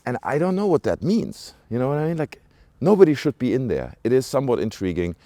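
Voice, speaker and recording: Big pitch swings mark this fast-talking man's mid-range, warm voice as he walks a small rural village and chats to viewers. He sounds British, and his casual vlog commentary drifts through asides and fillers. Recorded on a handheld camera while walking, it has no room sound.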